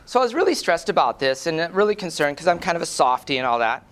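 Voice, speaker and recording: Man, conference speaker, high voice, rapid pace, animated storytelling, profane. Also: a little hiss or hum. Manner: animated, profane, tag questions like "right?"; acts out quoted voices. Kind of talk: lively storytelling presentation.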